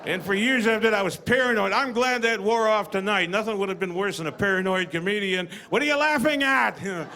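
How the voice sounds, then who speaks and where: A man performing a stand-up comedy routine, telling stories and acting out voices with deadpan punchlines. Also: high voice, fast, hardly any pauses. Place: comedy stage with live audience. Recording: live audience, noisy room.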